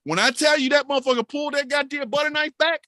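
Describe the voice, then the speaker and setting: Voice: high voice, quick pace, dry recording, studio quality. A podcast co-host telling a wild story with lots of swearing. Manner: animated, profane storytelling. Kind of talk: casual storytelling.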